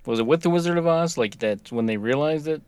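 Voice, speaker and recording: A man's voice: on the high side, quick pace, clean tone, no echo. A man co-hosting a podcast in casual chat, reading out a promo then joking along. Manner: reads promo text flatly, then joking banter. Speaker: podcast co-host.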